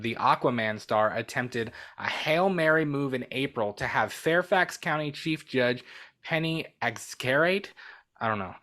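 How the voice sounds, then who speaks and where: A man co-hosting a movie news show, reading articles aloud and breaking off for his own comments. His voice sits in an ordinary middle pitch and he keeps a loose, casual tone. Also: a bit bright. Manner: rambling, reads articles with asides. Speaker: podcast co-host.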